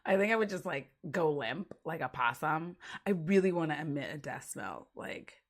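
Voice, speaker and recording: A woman's voice: low-pitched, animated, moderate pace. A woman streamer in casual livestream chat, rambling and giggly, with lots of fillers.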